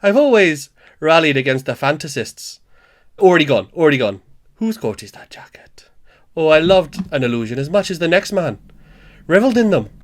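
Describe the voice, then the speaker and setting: Man doing a put-on Welsh accent, earnest Victorian gentleman, lively pitch. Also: normal speed. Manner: earnest monologue, accent keeps slipping.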